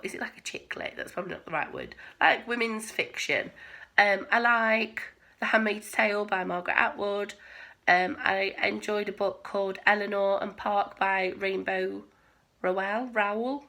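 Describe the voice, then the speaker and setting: A woman in her twenties chatting casually to camera with a croaky voice, rambling with lots of ums and whispered asides. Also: medium pitch, pushed and bright. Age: 20s. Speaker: crochet vlogger.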